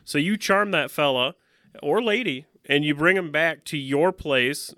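A man's voice: a little high, a little slow, pushed and bright, no room sound, studio quality. A man co-hosting a casual chat about a game, joking and acting out scenes. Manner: joking, acts out scenes with funny voices. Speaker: podcast co-host.

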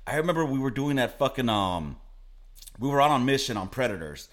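A man's voice: medium pitch, sing-song, fairly quick. A man from Los Angeles, co-hosting a podcast, telling crude stories and laughing. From Los Angeles, California. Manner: profane, laughing, swaggering storyteller. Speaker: podcast co-host. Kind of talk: crude casual chat, storytelling.

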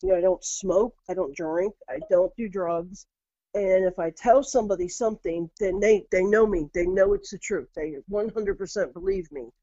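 A woman's voice: medium pitch, normal speed, dark tone, no room sound. A middle-aged woman telling her own eerie encounters in a casual interview, earnest, often repeating her words. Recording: dull lo-fi audio.

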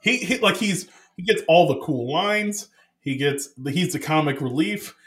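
A man co-hosting a casual movie chat, rambling and full of "like", quick to laugh. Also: a little high, expressive, a bit bright.

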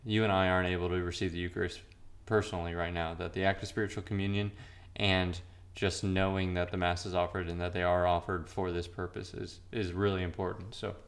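Low-voiced man explaining liturgy. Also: level tone, a little fast, few pauses. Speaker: podcast co-host. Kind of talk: casual chat about liturgy.

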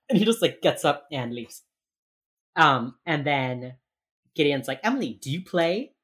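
A woman's voice: deep voice, animated, moderate pace. A woman co-hosting a podcast, recapping an episode in casual chat, saying "like" often and acting out characters' lines. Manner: rambling recap with lots of "like", acts out characters. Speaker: podcast co-host.

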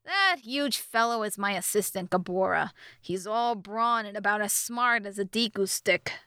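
A woman's voice: medium pitch, moderate pace, bright, forceful tone, clear, resonant tone, no room sound, studio quality. A woman voicing a sleepy, easygoing small male blacksmith in an audiobook, talking in an offhand, grumbling way.

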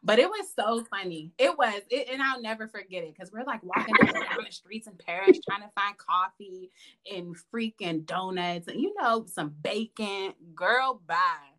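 A woman, a podcast guest, chatting casually and telling lively stories with lots of laughter. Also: medium pitch, moderate pace. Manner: animated, laughing, calls listener "girl". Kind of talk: casual storytelling chat.

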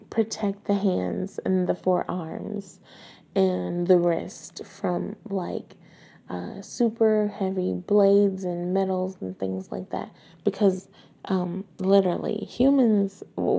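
Woman reader, slow gravelly delivery, husky tone, chatty asides between passages. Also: fairly low pitch, mellow. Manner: chatty asides full of fillers. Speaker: podcast host reading a novel aloud. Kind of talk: book reading with casual commentary.

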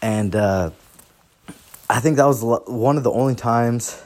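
Young male podcast host, mid pitch, casual and profane, rambling storyteller. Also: a little slow, darkish tone. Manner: profane, rambling, laughs through his stories.

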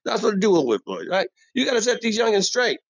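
A male performer gives a comic monologue as a bossy old-school barber and shop owner, bragging and wandering off topic in street talk, his pitch bouncing lively. His voice is brisk, slightly rough and exaggerated. It's captured in a dull, dry, lo-fi recording.

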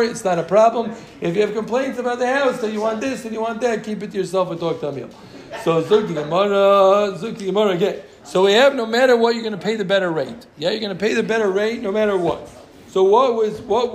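A man with a high voice leads a relaxed Talmud class, going over each point twice and teasing his students along the way. The room around him is echoey. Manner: repeats phrases, joking asides to students. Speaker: Talmud teacher. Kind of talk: casual Gemara class teaching.

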